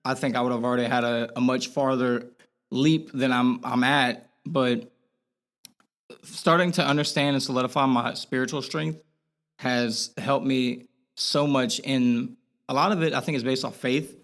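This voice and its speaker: A man's voice: mid-range voice, fairly even intonation, measured pace, a bit bright. A young man as a podcast guest, talking earnestly and rambling in a candid interview, with lots of fillers and restarts.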